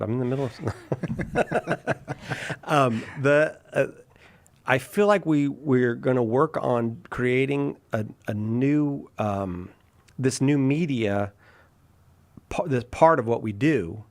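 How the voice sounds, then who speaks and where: Here the radio host sounds medium-pitched and creaky, expressive yet a bit slow. Hosting a live call-in show, he banters loosely, pokes fun at himself, and responds to comments sent in by viewers.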